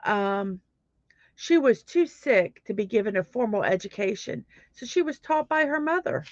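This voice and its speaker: A woman hosts a casual morning livestream in a medium-pitched, sing-song voice at normal speed. She's chatty and self-deprecating, greeting viewers by name as they join. The audio is dry, slightly muffled, and lo-fi.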